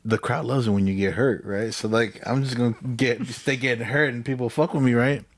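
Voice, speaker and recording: A man's voice: mid-range voice, steady tone, fairly quick. Man, young adult, profane storyteller, casual chat. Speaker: podcast co-host.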